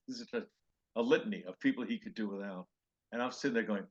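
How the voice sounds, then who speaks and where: An older male comedian with a low, husky voice tells stories from his career. He jumps into quoted voices and back, and the sound is dull and lo-fi. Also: quick pace. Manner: animated anecdotes with acted-out quotes. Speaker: comedian guest. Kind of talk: storytelling interview chat.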